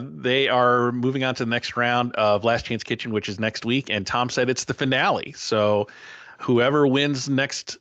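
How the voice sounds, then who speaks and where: A man hosting a podcast, recapping a cooking show in a casual, animated way. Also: mid-range voice, no room sound, muffled recording. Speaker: podcast host.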